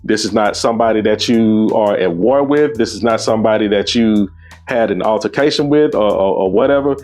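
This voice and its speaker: A man's voice: on the low side, a little fast, darkish tone, faint music behind. A man hosting his own show, giving opinionated commentary on a debate clip in an emphatic, scornful way that rises sharply when he gets indignant.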